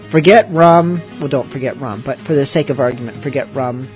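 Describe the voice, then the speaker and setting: A man's voice: mid-range voice, a little fast, a little mellow, faint music behind. A man hosting a radio show, talking in a joking, playful and cheeky way.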